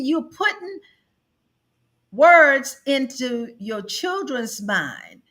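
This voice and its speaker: A woman's voice: high-pitched, bright, forceful tone. A middle-aged woman hosting an advice show, speaking emphatically and acting out quoted family members as she counsels. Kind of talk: counseling talk.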